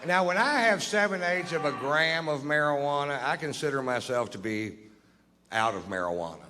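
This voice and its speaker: A middle-aged man telling a stand-up story in a deadpan, drawling, profane way. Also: fairly high pitch, normal speed, slight background noise. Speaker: stand-up comedian. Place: comedy stage before a live audience. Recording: live hall recording with long reverb, faint ambience.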